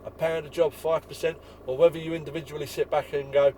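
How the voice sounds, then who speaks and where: Man, high voice, sweary, blunt, ranting, faint traffic noise. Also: level tone, fast, hardly any pauses, dark tone, poor audio. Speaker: window cleaner. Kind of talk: ranting vlog to fellow tradesmen.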